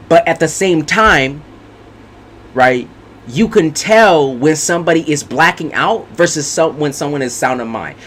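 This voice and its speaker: Brief: male tarot reader, casual monologue, fairly high voice with a lively, swooping delivery, blunt and profane. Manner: blunt, profane and repetitive, hammering points home.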